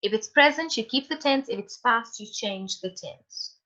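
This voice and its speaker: A woman's voice: fairly high pitch, normal speed, pushed and bright, muffled recording. A woman teacher giving an online class lesson, calling on students by name and encouraging them. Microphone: video call.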